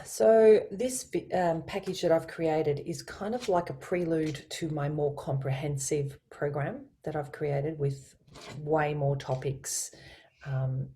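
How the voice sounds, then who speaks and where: A woman voice coach, speaking as a guest over a video call, explaining her ideas with enthusiasm and lively emphasis. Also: deep voice. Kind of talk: guest in a business interview.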